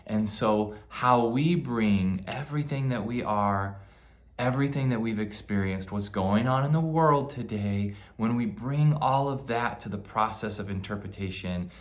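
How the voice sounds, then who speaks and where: A man, a pastor, explaining scripture in a thoughtful, relaxed church video chat. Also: on the low side, measured pace.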